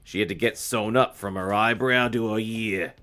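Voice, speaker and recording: A man's voice: fairly low pitch, fairly even intonation, normal speed, fairly bright tone, smooth, faint music behind, pitched below the performer's own voice, natural voice. A man voicing a nervous teenage boy with a New York accent, reading a novel aloud with hesitant, mumbled lines. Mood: uneasy.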